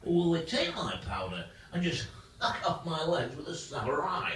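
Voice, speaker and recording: A man putting on a gruff hard man. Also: on the high side, wildly swooping pitch, normal speed, a bit bright. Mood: documentary menace. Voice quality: gruff, barking "Oi". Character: gruff tough-talking British TV hard man. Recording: echoey hall from far off, faint noise.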